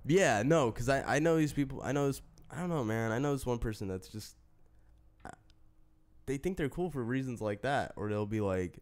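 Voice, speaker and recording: A young man on a podcast who has just woken up, talking casually in a deep, hesitant way full of fillers. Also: animated, moderate pace. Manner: rambling, hesitant, many fillers. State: just woke up, groggy. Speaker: podcast co-host. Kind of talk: casual chat.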